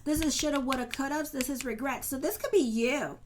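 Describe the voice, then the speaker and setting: A woman's voice: sits high, fairly quick, slight background noise. A woman astrologer giving a casual tarot reading straight to her viewers. She talks in a loose, colloquial way, full of "okay" and "you know", and sounds earnest and reassuring.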